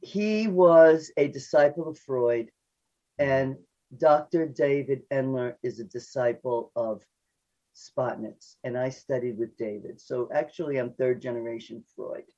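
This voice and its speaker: An older woman, a psychoanalyst guest on a radio interview, talking fast and chatty and laughing at herself. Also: extremely low pitch, dark tone. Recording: dull lo-fi radio audio.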